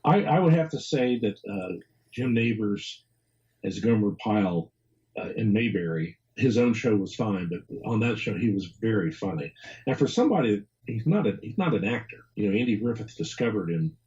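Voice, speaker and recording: A man's voice: fairly low pitch, animated, moderate pace, darkish tone, highs cut off. A man being interviewed as an author and historian, talking casually, rambling, repeating words and chuckling often.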